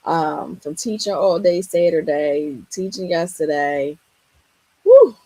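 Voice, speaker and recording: A woman hosting a casual livestream, her voice strained and raspy, greeting viewers by name in an upbeat, chatty way. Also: low voice, fairly even intonation, unhurried, mellow, no echo, rough recording. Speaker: livestream host and Canva teacher.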